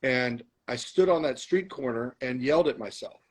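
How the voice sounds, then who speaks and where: A middle-aged man telling stories as a podcast guest, animated, acting out arguments with himself. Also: medium pitch, normal speed, husky, rough recording. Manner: animated storyteller, acts out arguing with himself. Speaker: guest, comedian and actor. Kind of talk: storytelling in a podcast interview.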